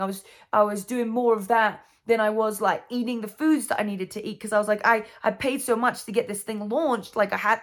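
A woman's voice: on the high side, a bit bright. A woman telling a personal story in a casual monologue, rambling with lots of fillers and restarts. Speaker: vlogger and coach.

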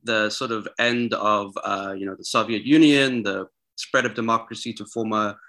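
A man's voice: lowish voice, steady tone, normal speed, bright, forceful tone. A man from South Africa, a history scholar, giving sardonic, long run-on answers as a podcast guest over a remote call. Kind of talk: casual interview.

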